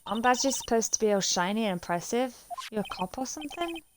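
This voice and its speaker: A woman voicing a brash, quick-tempered country woman photographer who scolds in a raised voice. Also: on the high side, expressive, a little hiss or hum, close to an everyday voice.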